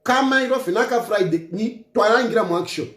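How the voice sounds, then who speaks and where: A man's voice: sits high, quick pace, a bit bright. A man delivering an impassioned political rant, emphatic and taunting, hammering points home by repeating them. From Zambia. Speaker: political commentator. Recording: roomy echo.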